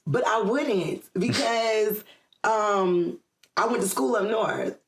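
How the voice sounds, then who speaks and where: A woman's voice: mid-range voice, slow pace, roomy sound. A middle-aged woman from the Atlanta area, chatting as a guest in an interview, with lots of ums and frequent laughs. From Atlanta area, USA. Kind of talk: casual interview chat.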